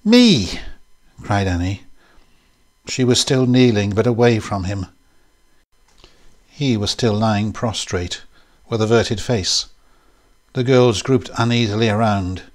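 A man giving a measured, scripted narration of a classic short story. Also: lowish voice, fairly even intonation. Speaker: reader.

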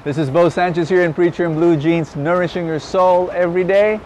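A man's voice: high-pitched, fairly even intonation, fairly quick, darkish tone, slight background noise. A man, a preacher, invites viewers to support his ministry and prays a blessing over them. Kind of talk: ministry appeal and blessing prayer.

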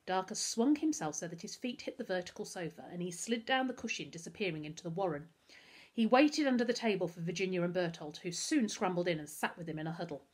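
A woman, a primary school teacher reading a children's novel aloud with expressive storytelling. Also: fairly low pitch, brisk, breathy edge.

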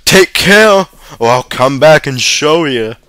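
A man reading aloud and voicing a small drunk boy who shouts in loud, indignant bursts. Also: mid-range voice, steady tone, a little slow, smooth, no room sound, lightly acted. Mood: angry shouting.

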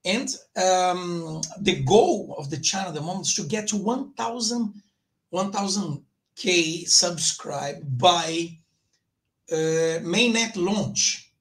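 Guy running a crypto livestream, kinda high voice, rambly, keeps restarting his sentences. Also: expressive, takes it slowly, fairly bright tone. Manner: loose, rambling, with frequent restarts and fillers. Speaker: crypto channel host. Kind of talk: casual livestream commentary.

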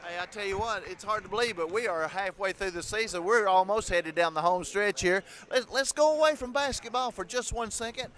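A man's voice: high voice, a little fast, few pauses, a bit bright. An older man, a sports broadcaster, interviewing a coach after a game in a folksy, encouraging way. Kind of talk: postgame interview.

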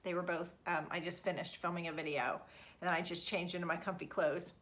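Against background noise, a woman with a lowish voice and little pitch movement talks a little fast while hosting a live stream from Florida, USA. She casually greets viewers by name, laughs frequently, and is apologetic and self-deprecating about mispronouncing names.

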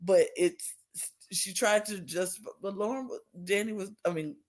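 A woman co-hosting a podcast in a casual recap chat, indignant and venting, acting out the quotes she retells. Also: measured pace. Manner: animated, acts out quotes with big pitch jumps. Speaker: podcast co-host.

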